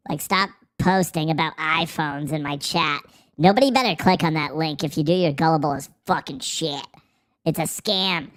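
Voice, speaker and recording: Speaking at a moderate pace through a pitch-shifting voice changer, a livestream host in an office sounds a bit bright. He reads viewer comments and chats loosely, sarcastic and foul-mouthed, laughing frequently.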